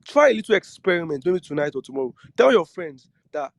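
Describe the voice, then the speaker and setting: High-voiced man teaching trading. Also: big pitch swings, fast talker, vocal fry, few pauses, no room sound. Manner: earnest, repeats and restarts phrases, asks the listeners questions. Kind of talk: lecture-style talk to trading students.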